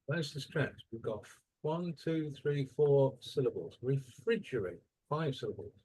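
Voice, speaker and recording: Lively man teaching a class. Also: medium pitch, measured pace, a little hiss or hum. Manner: lively questioning, drawing out word stress. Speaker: English teacher. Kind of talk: classroom lesson.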